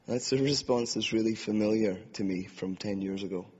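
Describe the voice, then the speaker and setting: A brisk, somewhat low male voice, a little mellow and slightly rough, pressing on with few pauses. He preaches from a podium in a hall, reflecting earnestly on his own testimony and acting out its inner voices. The sound is dull lo-fi, with long hall reverb.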